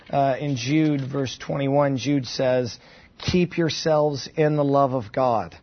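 Husky-voiced man teaching the Bible. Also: mid-range voice, lo-fi sound. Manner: thoughtful, informal, with asides and restarts.

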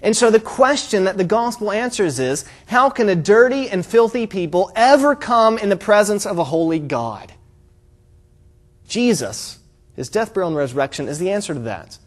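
Earnest high-voiced male preacher. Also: animated, moderate pace. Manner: earnest, explanatory preaching with emphatic rises. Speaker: pastor. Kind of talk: sermon.

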